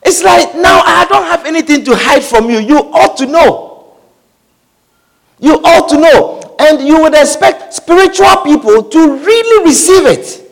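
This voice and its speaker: Male preacher, sermon, very high voice, animated pitch, emphatic and repetitive. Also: measured pace, vocal fry, in a large hall. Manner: emphatic, repeats lines and checks in with the congregation.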